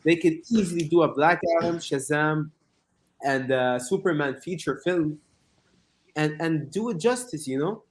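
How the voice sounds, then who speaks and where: A man co-hosting a casual podcast chat who pushes his argument with real energy and acts out lines from the movies he brings up. His voice sits a little high for a man. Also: moderate pace, slight background noise. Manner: animated, acts out quotes while arguing. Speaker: podcast co-host.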